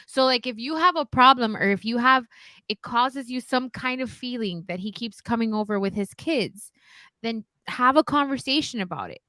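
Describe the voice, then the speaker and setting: A woman's voice: fairly high pitch, moderate pace, sharp tone, no room sound. A woman co-hosting a casual podcast, giving blunt opinions and swearing freely. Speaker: podcast co-host.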